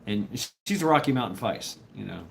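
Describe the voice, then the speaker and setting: A man's voice: fairly low pitch, lively intonation, fairly quick, gravelly, slight background noise. A man telling a rambling, profane story in casual chat with his viewers, often laughing. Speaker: livestreamer chatting with viewers.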